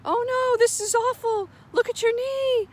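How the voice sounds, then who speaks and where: A woman's voice: very high voice, fairly even intonation, a little slow, pitched above the performer's own voice. A woman voicing a frantic, overwrought mother who panics over a scraped knee, in a shrieking, exaggerated tone. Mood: panicked.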